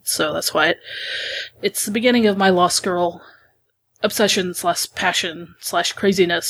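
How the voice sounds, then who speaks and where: A woman's voice: on the low side, vocal fry, fairly bright tone, a little hiss or hum, rough recording. A talkative woman co-hosting a podcast, speaking in casual chat. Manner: chatty and talkative. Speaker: podcast co-host.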